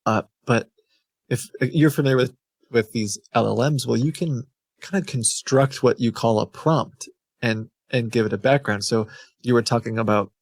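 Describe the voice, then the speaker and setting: A man's voice: medium pitch, moderate pace, a little mellow, no room sound, studio quality. A man guest on a podcast who explains his project in a thoughtful, hesitant way. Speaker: guest, scam-baiting creator. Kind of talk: casual explanatory chat.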